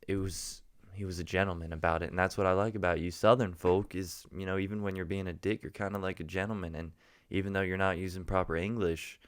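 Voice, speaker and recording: A man's voice: sits low, level tone, fast talker, smooth, no room sound. A young man from New Jersey, rambling through a jokey story in a casual vlog, often restarting his sentences. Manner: rambling, jokey, self-interrupting. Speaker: vlogger.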